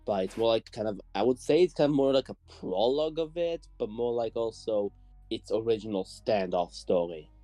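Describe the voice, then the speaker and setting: A man from Israel with an Israeli accent, a guest narrator answering questions hesitantly with many pauses. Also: on the low side, mellow, no room sound, soft background music. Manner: hesitant, many ums, searching for words. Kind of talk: casual interview chat.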